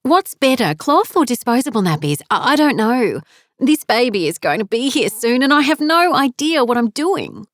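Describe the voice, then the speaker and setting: A woman voices an anxious, pregnant young woman, sounding tense and flustered, using a fairly high pitch set above her natural voice. The delivery is very animated at a moderate pace, recorded dry with clean studio sound.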